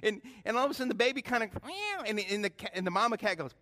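Middle-aged male pastor, high, bright voice, animated storyteller from the pulpit. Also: racing. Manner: animated storytelling, questions to the congregation. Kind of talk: sermon.

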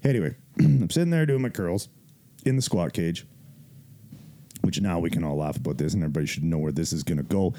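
A man's voice: deep voice, brisk, pauses often. A man casually telling a gym story on a podcast, swearing freely, laughing and acting out what people said. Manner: profane, laughing, animated retelling with quoted voices.

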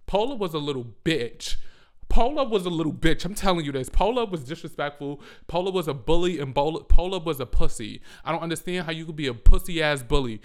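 Young guy spinning a cussing storytime, slightly high voice, real smooth and clear, laughs a lot. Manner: profane, animated, laughs often. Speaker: storyteller, former after-school teacher. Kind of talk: casual storytime vlog.

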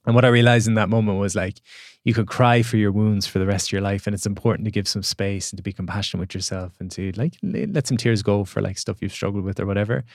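A man, a podcast guest and coach, telling a reflective story in an earnest, halting way with repeated words. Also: fairly low pitch, gravelly, dry recording, studio quality.

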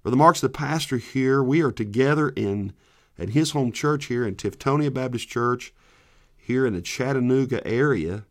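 A man's voice: medium pitch, normal speed. A man hosting a Christian podcast, talking casually and rambling with frequent restarts. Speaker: podcast host.

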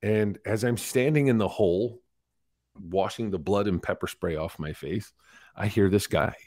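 A lower-voiced man in his forties speaks candidly as a podcast guest, recounting his story with animated, acted-out quotes. The sound is dry and close with no room around it. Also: moderate pace, dry recording. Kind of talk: storytelling interview.

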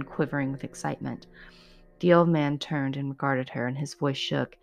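A woman reading a story aloud in a measured, dramatic narrating manner. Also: deep voice, fairly even intonation, vocal fry, soft background music.

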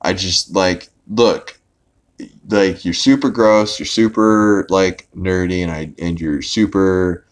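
A man's voice: sits low, steady tone, slow pace. A man voicing an angry young woman from a cartoon, blunt and full of curses. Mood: dismissive. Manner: cursing, blunt.

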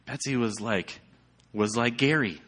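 A man's voice: mid-range voice, unhurried, a bit bright. A man giving a casual sermon with slides, chatty and rambling, with many fillers. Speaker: church speaker.

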